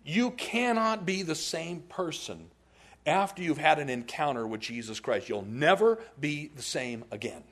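A man preaching a sermon as a pastor, telling stories in an animated way and laughing often. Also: a little high, a little slow.

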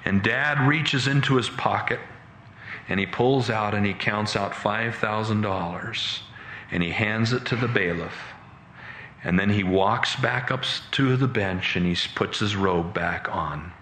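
A man preaching, telling a dramatic story with animated, halting retelling, in an echoey room. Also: medium pitch, a little hiss or hum. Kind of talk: sermon storytelling.

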